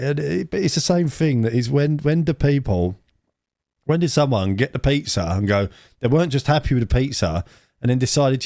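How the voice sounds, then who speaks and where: A man's voice: mid-range voice, normal speed, creaky, darkish tone, dry recording, studio quality. A man co-hosting a casual podcast chat, rambling with many restarts. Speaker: podcast co-host. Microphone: own mic, remote.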